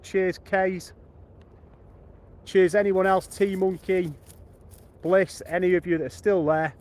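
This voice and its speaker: A young Midlands man talks football in a laid-back, chatty live-stream voice while out walking his dog. His voice sits a touch high, with faint outdoor ambience and passing traffic behind him. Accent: English Midlands. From England. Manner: chatty, laid-back, thanks viewers by name. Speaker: football channel vlogger. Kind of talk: casual live-stream chat.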